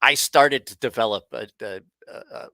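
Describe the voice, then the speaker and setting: Bright-voiced man telling profane stories. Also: mid-range voice, a little slow, gravelly, dry recording. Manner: rambling, profane, frequent restarts. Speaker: host. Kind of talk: casual livestream storytelling.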